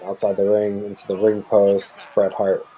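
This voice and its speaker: A man's voice: fairly low pitch, monotone, normal speed, dark tone, poor audio. A man giving casual play-by-play commentary while rewatching a wrestling match, laid-back and chuckling often, with bursts of surprise.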